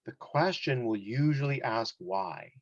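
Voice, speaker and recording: A man's voice: medium pitch, expressive, measured pace, lo-fi sound, a little hiss or hum. A man teaching an English test-prep lesson one-on-one, explaining casually with examples and many fillers.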